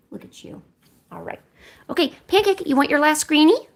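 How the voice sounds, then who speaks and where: A woman's voice: sits high, very animated, normal speed, gravelly. Playful woman coaxing her cats. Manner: coaxing and playful with pets, soft asides. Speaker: art streamer. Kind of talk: casual chat with her cats on a stream.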